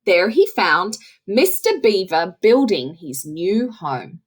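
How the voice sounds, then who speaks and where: A woman reading a children's story aloud in a slow, expressive storytelling way. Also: mid-range voice, slightly rough.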